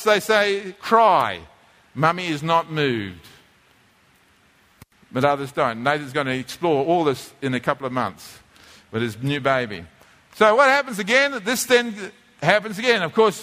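A man preaching a teaching sermon, his high voice carrying a long hall reverb. He talks conversationally and often doubles back to repeat or restart words. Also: pushed and bright. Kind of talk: teaching sermon with a drawing board.

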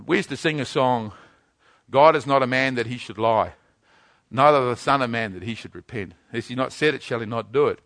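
A man preaching a sermon, building to loud, rapid-fire rhetorical questions. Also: medium pitch, no echo.

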